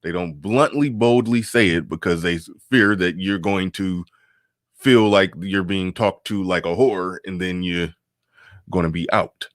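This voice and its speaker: A very low-voiced man hosts casual live-stream commentary, reading chat aloud at a measured pace while riffing loosely, repeating phrases, and chuckling between points. The sound is close and dry, with no room sound.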